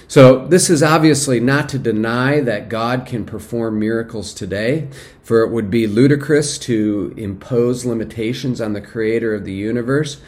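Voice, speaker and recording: Pastor, male, mid-pitched, steady teaching sermon with frequent fillers, lifts for exhortation. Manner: measured teaching with frequent fillers and restarts, rising in emphasis for exhortation.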